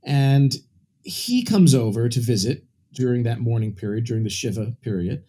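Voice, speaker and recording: Speaking at normal speed in a mid-range, dark-toned voice with lively intonation, this Brooklyn, New York man is a guest in an interview. He rambles candidly through a personal story, full of restarts and asides.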